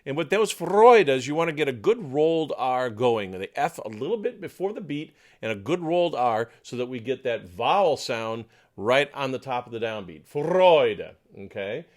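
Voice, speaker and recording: A man's voice: lively intonation, moderate pace, hardly any pauses, low-quality recording. Man coaching sopranos with sung demonstrations. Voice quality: sings in falsetto. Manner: counts in and sings parts. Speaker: choir conductor. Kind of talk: choral coaching lesson.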